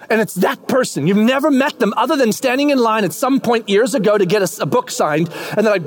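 Guy preaching, super high voice, bouncy and lively, acts stuff out. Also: a little fast. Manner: animated, acts out scenes with voices. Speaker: pastor. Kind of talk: sermon.

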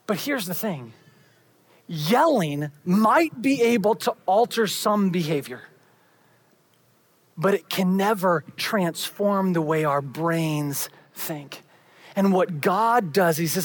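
Husky preacher with hushed endings. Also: medium pitch, lively intonation, slow pace. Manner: swings from emphatic build-ups to hushed, quiet phrase endings. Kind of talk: sermon.

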